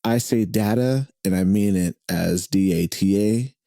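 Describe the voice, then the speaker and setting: A man's voice: low-pitched, normal speed, creaky, dark tone, dry recording, clean studio sound. A man in casual interview chat, talking in a rambling way with many fillers and restarts, recorded at the host's home. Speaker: podcast guest, drummer and radio host.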